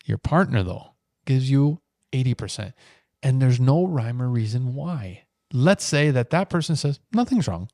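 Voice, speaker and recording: A man's voice: medium pitch, expressive, unhurried, warm tone, no echo, clean studio sound. A man hosting a podcast, jumping in with eager interjections and probing follow-up questions.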